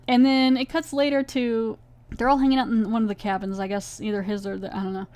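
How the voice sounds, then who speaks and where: A woman hosting a podcast, casually recapping a TV episode in a chatty, animated way. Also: a little high, brisk, no room sound. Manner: chatty, animated, retells scenes with quoted voices. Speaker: podcast host reviewing a TV episode.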